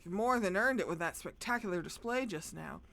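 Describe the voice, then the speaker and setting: A woman's voice: medium pitch, expressive, brisk, creaky, a bit bright, voice pushed down. A woman voicing a friendly male shop clerk from a game, speaking in an easygoing, impressed way.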